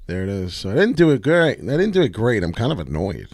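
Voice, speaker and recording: A man's voice: fairly low pitch, sing-song, fast, darkish tone, no echo. A man giving casual, brash live commentary on price charts, rambling and swearing freely. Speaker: crypto chart analyst streamer.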